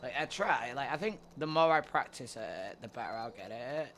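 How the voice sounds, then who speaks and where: A man's voice: medium pitch, lively intonation, a little fast, fairly bright tone. Male streamer, mid-range voice, easygoing and rambling, swears freely, light background noise. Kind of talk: casual chat with viewers during a roleplay stream.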